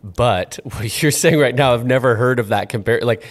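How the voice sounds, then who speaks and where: A man's voice: medium pitch, normal speed. A man hosting an interview, responding in a supportive, empathetic way. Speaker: podcast host. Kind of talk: conversational interview.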